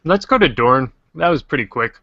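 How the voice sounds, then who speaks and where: A man hosting a casual livestream discussion, joking and animated. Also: mid-range voice, moderate pace, no echo, dull audio. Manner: joking, animated, quotes characters in silly voices. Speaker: host.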